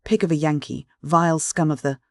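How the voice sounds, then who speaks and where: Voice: medium pitch, fairly even intonation, gravelly, no echo, studio quality, lightly acted. A reader putting on a fiery Peruvian noblewoman. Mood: scornful fury. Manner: fierce, rapid tirade.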